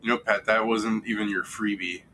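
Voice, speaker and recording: A man's voice: lowish voice, fairly even intonation, normal speed, bright, forceful tone, slight background noise, rough recording. A man running a tabletop game over voice chat, laid-back and swearing casually. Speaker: game master.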